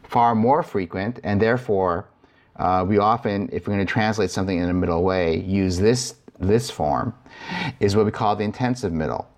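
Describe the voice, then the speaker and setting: A man's voice: lowish voice, moderate pace. A man teaching New Testament Greek in a recorded lecture, explaining step by step with frequent "uh"s and restarts. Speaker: Greek instructor.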